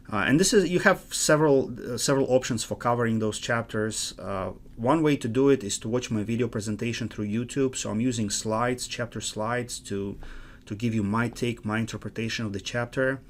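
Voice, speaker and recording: A man with an Eastern European accent, a course instructor giving an earnest online course introduction with many restarts and fillers. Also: fairly low pitch.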